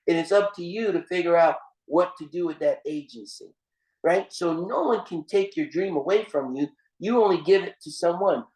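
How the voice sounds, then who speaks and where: A seminar speaker with a high, slightly mellow voice gives a motivational talk, preaching and repeating his phrases while calling his listeners "gang." He tells a story with restarts and emphatic swings, recorded in a roomy echo.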